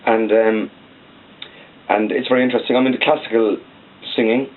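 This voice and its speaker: A man's voice: lowish voice, fairly even intonation, brisk, narrow, tinny audio. A man in his forties with a Cork accent, a singer-songwriter chatting at length in an interview and ending phrases with "like". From Cork, Ireland. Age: 40s. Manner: rambling, peppers speech with "like". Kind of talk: casual interview chat. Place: back office of a record shop.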